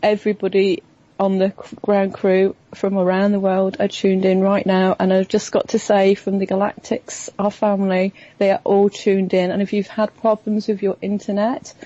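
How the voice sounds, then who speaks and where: A woman's voice: mid-range voice, level tone, normal speed, mellow, muffled recording. A woman with a mix of southern and northern English accent, a guest speaking eagerly on a spiritual radio show. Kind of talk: casual spiritual radio chat.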